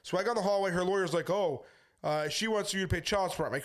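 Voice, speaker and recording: A man with a fairly high voice speaks as a street preacher in a loose, unscripted monologue. He sounds defensive, tells his story at length and slips into the voices of the people he quotes. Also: animated, fast. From United States. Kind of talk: casual monologue to camera.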